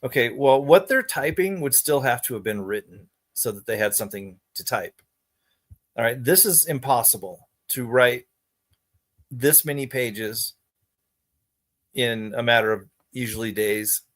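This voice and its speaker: A man's voice: medium pitch, lively intonation, measured pace, a bit bright. Rambling, exasperated man vlogging. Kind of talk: casual monologue to camera.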